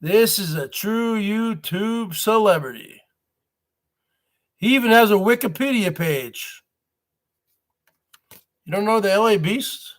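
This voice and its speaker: A man's voice: sits high, lively intonation, slow pace, long pauses, a bit bright. A man hosting his own live stream, rambling to viewers as "folks" with repeated rhetorical questions. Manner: addresses audience as folks. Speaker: livestream host.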